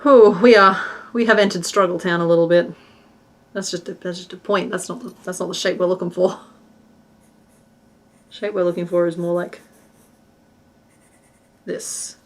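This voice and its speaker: A woman with a slightly low voice chats loosely while she crochets on a live stream. She rambles, restarts her sentences and drops to a mutter when she counts stitches. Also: steady tone, normal speed, long pauses. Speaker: crochet streamer and pattern designer.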